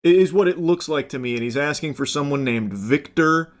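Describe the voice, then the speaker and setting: A man's voice: fairly high pitch, a little fast. A young man streaming, casually commenting on a clip, rambling with fillers and casual swearing.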